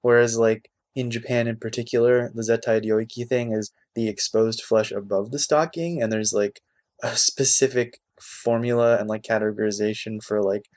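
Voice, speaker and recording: A man's voice: mid-range voice, steady tone, normal speed, a little mellow. A man co-hosting a comedy podcast, laid back as he explains a bit of trivia. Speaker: podcast co-host. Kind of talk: casual chat.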